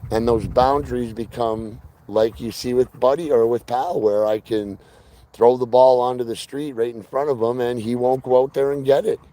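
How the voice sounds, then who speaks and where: A man's voice: mid-range voice, fairly even intonation, moderate pace, dark tone. A man chatting live with his viewers about training his dog, earnest and direct, reading out their names. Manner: earnest, talks to viewers by name. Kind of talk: casual live-stream chat.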